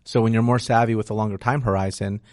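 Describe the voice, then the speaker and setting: Brief: man, lowish voice, dry close sound, frank investor guest explaining deals in a casual interview. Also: fairly even intonation, fast, darkish tone, no echo. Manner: frank, explanatory, peppered with "right?". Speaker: real estate investor guest.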